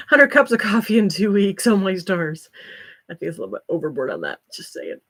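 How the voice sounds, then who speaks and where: A woman's voice: mid-range voice, huge pitch swings, measured pace. An older woman hosting a livestream, chatting casually with viewers and breaking into folksy exclamations. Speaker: livestream host.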